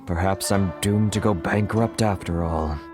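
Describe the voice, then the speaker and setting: A worried merchant. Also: male voice, sits low. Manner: sighing, anxious. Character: worried foreign merchant, older man. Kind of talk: video game voice acting.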